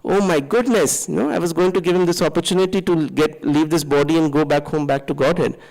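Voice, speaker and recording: A man voicing a wise traveling male sage who is gently exasperated, in an animated storytelling way. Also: fairly high pitch, fast, gravelly, low-quality recording. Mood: exclaiming. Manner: animated storytelling, rising exclamations.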